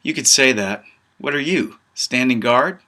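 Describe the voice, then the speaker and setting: A man's voice: medium pitch, expressive, unhurried, sharp tone. A man voicing a wary older man, a former big shot who is now evasive and guarded. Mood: winded, sly.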